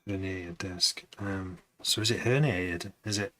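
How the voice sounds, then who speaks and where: A man's voice: low voice, measured pace, a bit bright, slight background noise. A man producing music on a live stream, chatting to viewers in a rambling, casual way.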